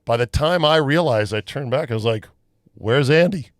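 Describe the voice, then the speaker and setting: A man hosting a casual podcast chat, telling stories in a loose, profane, animated way. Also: medium pitch, a little fast, smooth, no room sound, studio quality. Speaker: podcast host.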